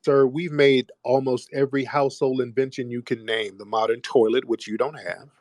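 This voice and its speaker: Forceful man hosting a call-in show. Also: medium pitch, steady tone, normal speed, dry recording, clean studio sound. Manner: forceful, repeats himself, cuts callers off. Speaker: host of a call-in audio show. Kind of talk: argumentative call-in talk.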